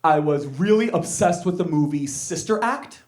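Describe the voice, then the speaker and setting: A young man born in Korea telling stand-up stories on stage, animated and quick to jump into character voices. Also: heavy background noise. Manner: animated storytelling, jumps into high squealing character voices. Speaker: stand-up comedian. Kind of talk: stand-up comedy set. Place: comedy stage with audience.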